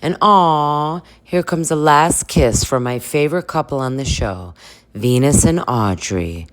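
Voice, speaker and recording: Low-pitched woman host, playful and joking, comedic commentary. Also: expressive, unhurried.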